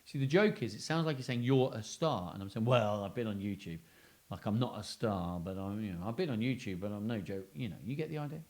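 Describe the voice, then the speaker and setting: A man's voice: lowish voice, lively intonation, quick pace, hardly any pauses. A man hosting a children's story and joke show, talking in a playful, self-mocking way. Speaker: host.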